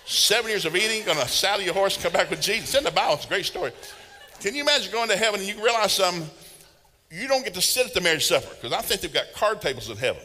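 A man's voice: high-pitched, expressive, racing, bright, forceful tone, long reverb tail. A man preaching a sermon in a folksy, humorous storytelling way, laughing along with his own stories.

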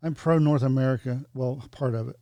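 A man's voice: medium pitch, fairly quick, mellow, dry recording. A man in casual chat who speaks hesitantly with many ums and uhs and a wry edge.

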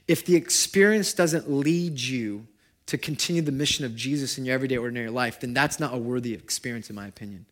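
A man preaching a sermon at a church gathering, talking casually and shifting between loud, animated stretches and hushed, quiet ones. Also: mid-range voice, fast talker. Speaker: pastor.

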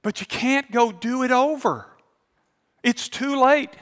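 A male pastor, preaching a sermon. He tells a story calmly, then builds to fervent appeals to the congregation. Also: very high voice, slow, long reverb tail. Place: large church auditorium.

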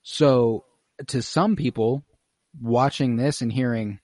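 A young man talks through an episode like he's chatting with friends, animated and quick to laugh, with lots of swearing. His voice sounds dry and close, with no room behind it. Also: medium pitch, no room sound. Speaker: podcast host recapping an episode. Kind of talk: casual chat.

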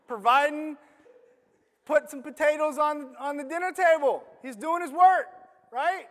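Man, preacher, sermon, animated casual storytelling, very high voice, long hall reverb. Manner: animated conversational storytelling with "like" fillers.

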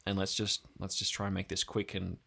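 A soft-spoken, polite investigator, as a man plays him talks quietly and carefully, pausing on fillers. His voice sits low yet bright and forceful in tone, in a loose improvised game. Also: monotone, creaky, slightly rough, heavily acted. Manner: quiet, courteous, hesitant with fillers. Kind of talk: improvised tabletop role-play.

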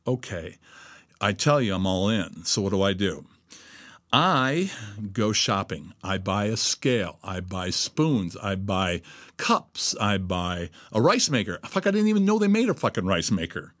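A man's voice: on the low side, very animated, a little slow, a bit bright, no echo, studio quality. A middle-aged man giving a profane motivational monologue, blunt and emphatic, swearing constantly. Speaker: host.

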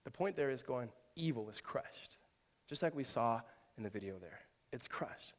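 A man in his thirties preaching a sermon, telling lively personal stories with humorous asides. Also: medium pitch, moderate pace. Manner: animated storytelling with asides and self-deprecating humor. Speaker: pastor. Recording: long reverb of a large hall.

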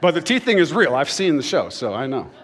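A man's voice: a little high, sing-song, brisk, fairly bright tone, long reverb tail. A man preaching a sermon in a church, talking casually and joking with the congregation. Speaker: pastor. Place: church stage.

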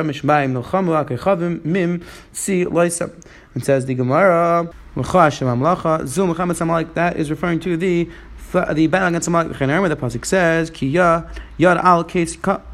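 A man giving a Talmud class in a quick, steady flow, mixing Hebrew and Aramaic quotes with English explanations. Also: a little high. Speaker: Talmud teacher. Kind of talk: Gemara study class.

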